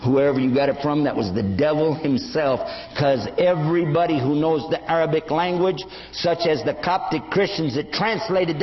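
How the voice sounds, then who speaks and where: In an echoey hall with dull lo-fi sound, an older man preaches an Islamic lecture at a fairly high pitch. He tells stories animatedly and gives voice to the people in them.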